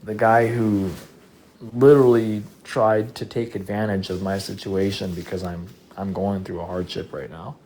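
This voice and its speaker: A livestreamer telling a story casually to chat, animated and swearing often. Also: deep voice, normal speed, a little hiss or hum.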